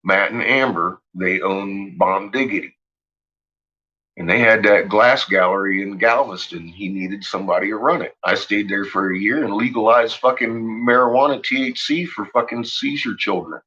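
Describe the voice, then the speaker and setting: Husky profane man ranting late at night. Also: on the low side, moderate pace, lo-fi sound. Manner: profane, ranting, shouts in retold quotes. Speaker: host. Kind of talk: rambling late-night monologue.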